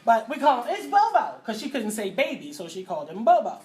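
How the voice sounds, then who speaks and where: Lively middle-aged woman telling a story. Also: on the high side, quick pace, slight background noise. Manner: lively, acts out voices and sound effects, loud bursts. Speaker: mother telling a personal story. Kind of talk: animated storytelling to an audience.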